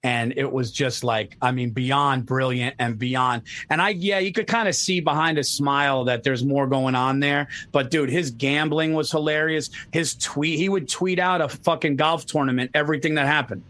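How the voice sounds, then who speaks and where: A man in casual chat on a video call, excitedly retelling jokes with plenty of swearing. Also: medium pitch, normal speed, few pauses.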